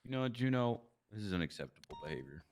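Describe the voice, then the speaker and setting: A teasing man drawls through a game roleplay. His voice is very deep yet moves widely in pitch. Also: sing-song, quick pace.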